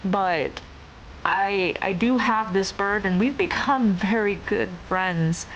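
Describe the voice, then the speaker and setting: A woman's voice: mid-range voice, takes it slowly, lo-fi sound, a little hiss or hum. Woman doing a stammering creepy old man. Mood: evasive. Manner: stammering, evasive, overly polite. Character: creepy, clingy old man with a found bird.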